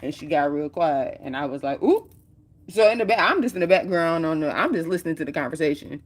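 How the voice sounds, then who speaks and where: A woman's voice: low-pitched, fast. A woman vlogger telling a story in a chatty, slangy way and acting out the quoted lines. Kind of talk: casual storytime retelling.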